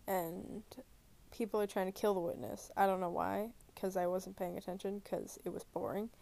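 A woman chats about films alone in her bedroom, lying down as she talks. Her voice has a gravelly, creaky edge, and her thoughts wander through fillers and restarts. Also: medium pitch, steady tone, normal speed, a little mellow. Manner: rambling, full of fillers and restarts. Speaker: movie reviewer. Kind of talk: rambling casual chat.

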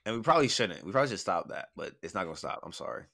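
Fast-talking, bright-voiced young man. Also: sits low, big pitch swings, gravelly. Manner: blunt, teasing, profane. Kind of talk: casual chat.

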